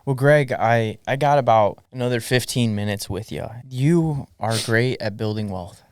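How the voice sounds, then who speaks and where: A male podcast host with a smooth, clean voice recorded close and dry. He tells personal stories with fervent, energetic conviction in a relaxed interview. His pitch sits in an ordinary middle range. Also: moderate pace, no room sound. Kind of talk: conversational interview, personal storytelling.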